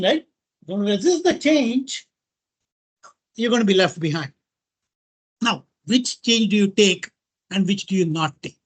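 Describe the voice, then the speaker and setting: A middle-aged man from India with an Indian accent, giving a lively informal talk to an audience, mixing in Hindi phrases and often checking in with "right?" and "okay?". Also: high-pitched, husky. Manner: animated, mixes Hindi into English, repeats "right?" and "okay?". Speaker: guest speaker.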